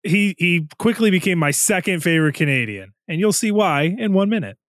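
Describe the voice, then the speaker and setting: Loud, overexcited man. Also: sits high, a little fast, no room sound, studio quality. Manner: loud, over-the-top excited. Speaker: podcast guest. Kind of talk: casual chat.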